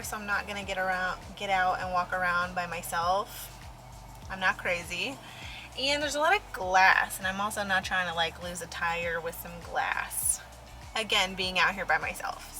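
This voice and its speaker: Chatty young woman, bright voice. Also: medium pitch, low-quality recording. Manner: chatty, rambling, lots of fillers. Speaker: photographer vlogger. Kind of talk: casual vlog narration. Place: in her car and at a restaurant.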